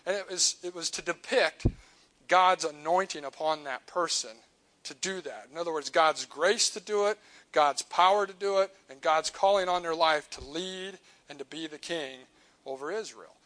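Man, church sermon, bright voice, slightly high pitch, earnest, quiet line endings. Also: moderate pace, poor audio. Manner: earnest, builds up then drops to a quiet close on key lines. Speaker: church preacher.

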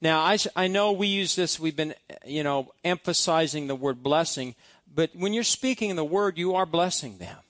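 A man's voice: on the high side, moderate pace, a bit bright, no room sound. A male pastor preaching a sermon, reciting scripture-based blessing prayers with emphasis. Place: church.

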